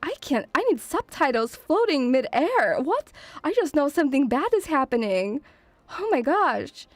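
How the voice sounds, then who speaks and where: A woman's voice: high voice, very animated, measured pace, no room sound. A woman streaming as a VTuber, chatting in a playful, doting, rambling way. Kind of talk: casual debut stream chat. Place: home room, near pubs.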